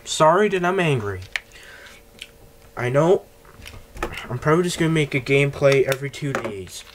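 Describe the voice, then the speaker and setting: A man's voice: a little high, lively intonation, normal speed, slight background noise. A man giving casual gameplay commentary, ranting and swearing constantly, recorded on cheap earbuds.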